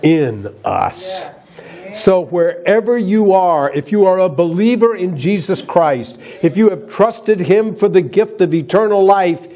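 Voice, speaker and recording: A man's voice: high voice, expressive, a little slow, mellow. A man preaching a sermon as pastor, emphatic and asking the congregation rhetorical questions.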